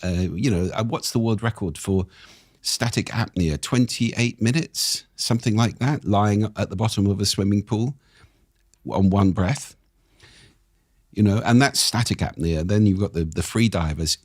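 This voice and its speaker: A man speaking as a guest on a podcast, explaining ideas with an expressive, animated delivery. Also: normal speed, no room sound, studio quality. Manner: expressive, animated delivery with wide pitch swings. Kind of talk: interview conversation.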